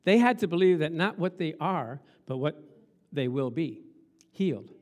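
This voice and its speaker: A man's voice: fairly high pitch, animated, normal speed, a little mellow. A man preaching a sermon, acting out Bible scenes and laughing often as he talks. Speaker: pastor.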